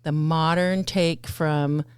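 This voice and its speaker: A woman's voice: deep voice, steady tone, slow, clear, resonant tone, no room sound, studio quality. An American woman hosting a casual podcast, talking in a chatty, rambling way with many fillers. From United States. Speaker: podcast host.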